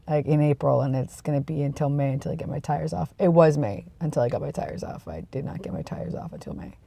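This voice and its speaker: A vlogger with a cold, sniffly and tired, chatting casually to the camera in a rambling, self-deprecating way that trails off into low mumbles. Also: vocal fry, dark tone, no echo. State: sick with a cold, sniffly and congested; tired and yawning.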